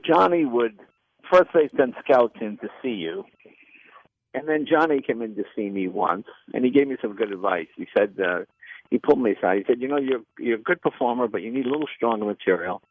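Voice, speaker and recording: Gravelly older man telling stories. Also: mid-range voice, moderate pace, no echo. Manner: animated anecdotes with quoted voices. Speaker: comedian and former talk show host. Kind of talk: storytelling interview. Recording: dull lo-fi dry sound.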